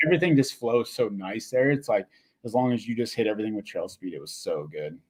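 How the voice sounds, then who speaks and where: Laid-back excited mountain biker guy. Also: lowish voice, fast, slightly rough. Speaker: guest, mountain bike rider and clinic coach. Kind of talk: casual podcast chat.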